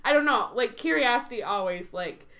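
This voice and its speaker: A woman's voice: fairly high pitch, expressive, normal speed, sharp tone. A young woman co-hosting a fan podcast, chatting casually about an episode, giggling and playfully acting out lines. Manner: giggly, playful, acts out quotes. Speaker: podcast co-host. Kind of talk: casual chat recapping a TV episode.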